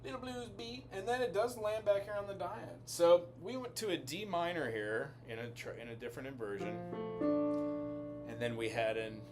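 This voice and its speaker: Over background piano, a man teaches music in an easygoing way, reasoning aloud about chords and melody. His voice is a touch high and his pace moderate.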